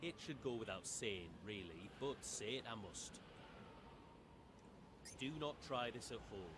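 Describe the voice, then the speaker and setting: A man voicing a solemn male storyteller, reading the game's narration in a low, hushed voice from a little way off the microphone. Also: expressive, measured pace, noisy background. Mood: dry warning. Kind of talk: reading game narration aloud.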